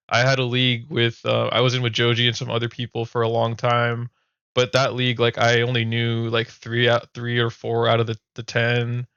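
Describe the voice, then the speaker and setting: A man's voice: mid-range voice, bright, forceful tone, clean tone, dry recording, lo-fi sound. A man hosting a podcast, chatting casually and easygoingly, laughing often. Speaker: podcast host and league commissioner. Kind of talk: casual chat.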